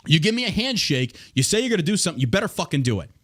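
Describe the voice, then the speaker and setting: A man's voice: on the high side, sing-song, racing, a bit bright. A man hosting a podcast, ranting in a profane, combative way. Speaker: podcast host. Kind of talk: casual podcast rant.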